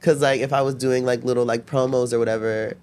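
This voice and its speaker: A man's voice: mid-range voice, flat delivery, fast talker, a little mellow, clear, resonant tone. A young man telling stories as a podcast guest, chatty, filling his talk with "like" and acting out what people said. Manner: chatty, constantly says "like", acts out quotes. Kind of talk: casual storytelling.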